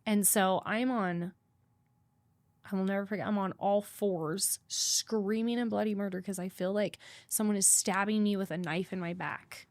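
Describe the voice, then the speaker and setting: A woman's voice: mid-range voice, fairly even intonation, moderate pace, a little mellow, no room sound. Young woman, podcast guest, blunt, swears a lot, repeats for emphasis, dry sound. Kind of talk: candid personal storytelling.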